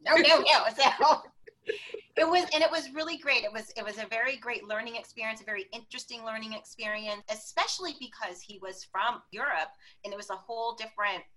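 Woman, interview guest, animated storyteller, bright tone, slightly high pitch. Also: fairly quick, rough recording. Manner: animated, acts out quoted voices.

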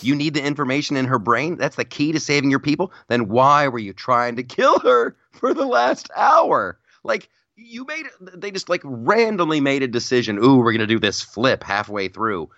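A man's voice: on the high side, big pitch swings, moderate pace, hardly any pauses, fairly bright tone, no room sound, dull audio. A man co-hosting a podcast, chatting casually and ranting about a movie, acting out scenes in mocking voices. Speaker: podcast co-host. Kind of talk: casual chat, movie rant.

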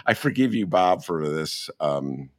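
A male host with a lowish voice talks in a casual interview. His pitch swings widely, from quiet mutters to excited, animated bursts. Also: takes it slowly.

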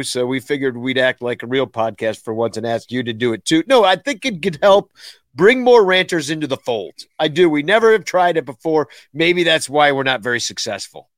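A man's voice: mid-range voice, fairly bright tone, no room sound, studio quality. A man co-hosting a casual podcast, joking and poking fun at himself. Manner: joking, self-deprecating. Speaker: podcast co-host.

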